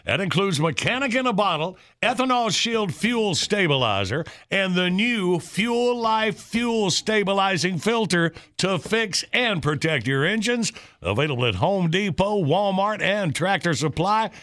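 A man's voice: high-pitched, animated, unhurried, few pauses, a bit bright. A man hosting a morning radio show, bantering folksily and reading ads.

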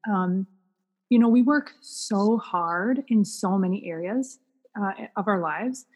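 A woman guest author speaking on a podcast interview. Her voice is husky and breathy, and she answers in a thoughtful, unhurried way with many fillers. The recording has a long reverb from the room. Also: medium pitch.

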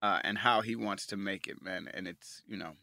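A man's voice: low voice, moderate pace, vocal fry, bright, forceful tone, no echo, studio quality. A man co-hosting a podcast in loose, emphatic casual chat, throwing in "man" and "dude". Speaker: podcast co-host.

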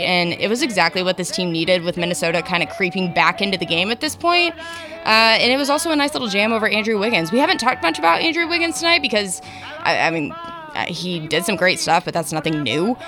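A woman co-hosting a sports podcast, chatting casually about basketball, hedging often with fillers. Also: medium pitch.

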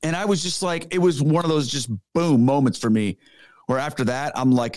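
A man's voice: fairly high pitch, normal speed, darkish tone, no room sound. Middle-aged guy on a podcast, earnest and punchy, tells stories, dry close sound. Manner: earnest and emphatic, casual slang. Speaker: podcast guest, former pastor. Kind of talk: conversational storytelling.

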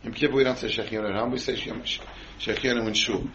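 A man's voice: medium pitch, fairly even intonation, fast talker, fairly bright tone, highs cut off, a little hiss or hum. A man teaching a Torah class to a group, often quizzing his listeners with questions and answering them himself. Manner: quizzes the audience with frequent questions.

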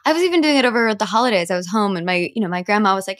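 A woman's voice: mid-range voice, very fast, fairly bright tone, no room sound, clean studio sound. A woman co-hosting a podcast, chatting playfully and laughing often. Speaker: podcast co-host, actor. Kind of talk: casual podcast chat.

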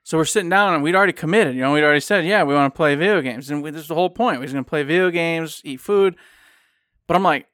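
A man from Michigan spins a long, rambling story in a fairly high, smooth voice. He slips into the voices of the people he quotes. His dry, close sound fits a casual chat show. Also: rapid-fire, fairly bright tone, no room sound. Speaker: podcast co-host.

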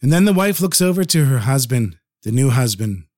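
A man's voice: mid-range voice, very animated, fairly quick, dry recording, studio quality. Earnest man telling a folk tale. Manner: gentle, earnest storytelling with Hebrew and Yiddish terms. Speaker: storyteller. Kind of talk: storytelling narration.

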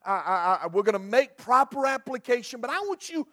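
A man's voice: very high voice, very animated, a little fast, bright, forceful tone. A male pastor preaching a sermon, telling a folksy story and often repeating and restarting his words.

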